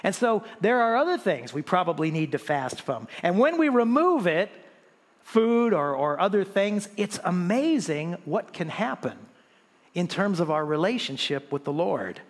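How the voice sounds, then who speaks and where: A man preaching a sermon as pastor, animated, with many restarts and rhetorical questions to the congregation. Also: high-pitched, unhurried, big-room sound.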